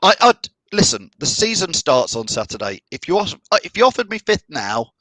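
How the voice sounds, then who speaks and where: A man's voice: a little high, sing-song, brisk, bright, forceful tone, no room sound, poor audio. A middle-aged man from the of England hosting a fan live stream, chatting and reading out viewer comments. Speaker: fan channel host.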